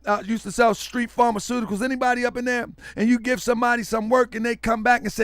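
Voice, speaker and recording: A loud, hyperactive man hosting a livestream, talking to his viewers as family and repeating himself for emphasis. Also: very high-pitched, level tone, quick pace, few pauses, no echo, studio quality. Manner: preachy, calls listeners family. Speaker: online show host.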